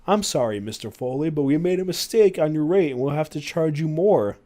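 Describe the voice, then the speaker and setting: A man's voice: on the high side, animated, fairly quick, warm tone, pitched above the performer's own voice, natural voice. A man voicing a polite, fussy British hotel manager with a put-on British accent, apologizing over and over. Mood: apologetic.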